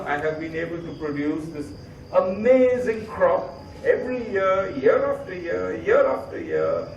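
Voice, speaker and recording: A proud, hot-tempered farmer father, as a male storyteller puts him on, blustering and demanding. The voice sits a little high and swings widely in pitch. It comes from some distance in a roomy, echoing space. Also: highs cut off, a little hiss or hum. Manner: blustering, demanding, shouting in anger.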